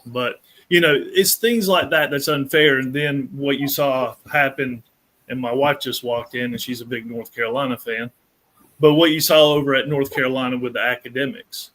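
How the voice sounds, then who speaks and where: An easygoing man with a bright, forceful voice chats casually about college sports, stopping and restarting his sentences. His voice sits at a middle pitch. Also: fairly even intonation, moderate pace, low-quality recording. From Maine. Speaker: podcast guest, Clemson fan. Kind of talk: casual chat.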